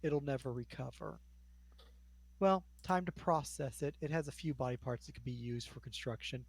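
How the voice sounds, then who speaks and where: A man's voice: mid-range voice, moderate pace, gravelly, slightly rough, no echo. A man acting as game master, narrating scenes in a casual tabletop role-playing session. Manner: casual, describing scenes at length.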